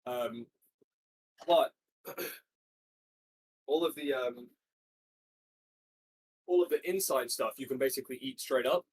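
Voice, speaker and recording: A man's voice: medium pitch, slow pace, long pauses, husky. A young man chatting casually to a live stream while he cooks, rambling and slangy, swearing and trailing off mid-sentence, sometimes stepping away from the mic. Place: home kitchen.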